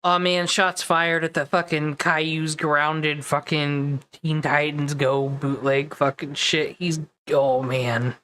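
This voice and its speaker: A woman's voice: deep voice, flat delivery, slow, few pauses, a bit bright. A woman hosting a reaction commentary, making sarcastic, dry asides. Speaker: commentary host.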